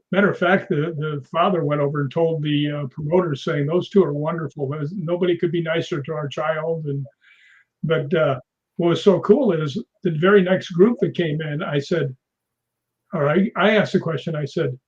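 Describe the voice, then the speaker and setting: A man's voice: a little high, moderate pace, darkish tone. A man in a casual interview, telling rambling stories with many restarts. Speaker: guest, stuntman. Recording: dull lo-fi sound.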